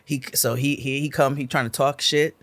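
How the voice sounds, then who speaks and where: A man co-hosting a podcast in casual chat, an animated storyteller who breaks into loud, laughing impressions. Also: mid-range voice, moderate pace, no room sound. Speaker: podcast co-host.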